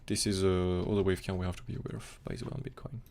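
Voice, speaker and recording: Fast-talking gravelly male crypto streamer. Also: low voice, a little mellow, a little hiss or hum. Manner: fast, rambling, non-native phrasing with fillers. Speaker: crypto chart analyst streamer. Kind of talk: live-stream technical analysis chat.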